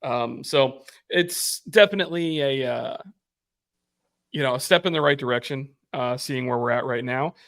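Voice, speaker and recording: A man's voice: medium pitch, moderate pace, a bit bright, no echo, clean studio sound. A man hosting a sports fan podcast, speaking casually with many fillers and handing the floor to a co-host. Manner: hesitant, many ums and uhs, hands the floor over.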